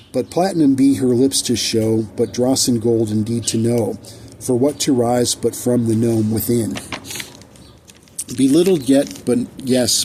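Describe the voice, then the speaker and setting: A man with a dark, mellow voice recites his own rhyming poetry, and his delivery is measured and steeped in archaic phrasing. He sometimes stops and restarts a line. Faint noise and passing traffic sit under the voice. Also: mid-range voice, low-quality recording. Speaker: poet.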